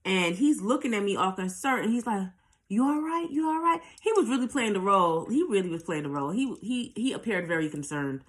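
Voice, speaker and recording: A woman's voice: mid-range voice, animated, fairly quick, hardly any pauses. New woman doing a storytime vlog, cusses a lot, talks right to the viewers. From New York. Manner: candid, profane, talks straight to viewers. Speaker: vlogger. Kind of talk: storytime monologue.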